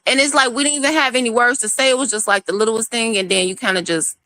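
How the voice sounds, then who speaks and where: A woman's voice: a little high, steady tone, fast talker, bright, forceful tone, no room sound. A woman on a livestream panel, asking pushy questions and snapping at others. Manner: pushy, confrontational. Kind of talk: casual chat.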